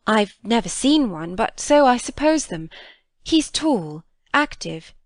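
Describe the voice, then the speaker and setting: An intense young governess lays out her account urgently, stroke by stroke, as a woman reads her lines. The telling is unhurried, and her pitch moves a lot, recorded close and dry. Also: sing-song, no echo. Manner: urgent, vivid describing. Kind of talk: audiobook reading.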